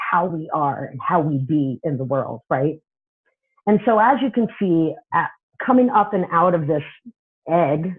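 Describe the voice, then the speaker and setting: A woman's voice: deep voice, husky. A woman therapist and coach giving a teaching talk, conversational and often checking in with "right?". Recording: tinny phone-like audio.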